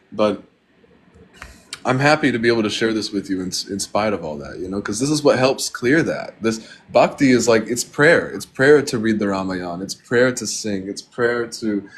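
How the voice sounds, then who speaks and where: A man hosting a devotional livestream from home, talking casually in an earnest, grateful, rambling way. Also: on the low side. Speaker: livestream host. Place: at home with pet birds.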